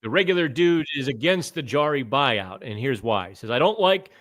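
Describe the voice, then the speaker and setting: A middle-aged man hosts a live hockey chat and works through viewer comments off the cuff, often stopping to restart a thought. His voice sits in an ordinary middle pitch. It sounds dry and close, with almost no room echo. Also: normal speed. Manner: conversational, thinking out loud, stumbles on names. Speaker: hockey podcast host.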